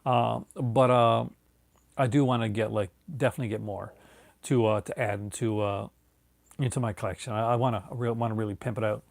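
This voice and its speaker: A man's voice: mid-range voice, fairly even intonation, brisk, creaky, dry recording. A tired man hosting his own video, chatting casually and rambling with many fillers and restarts. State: tired, yawning. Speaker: video host. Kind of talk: casual late-night video chat.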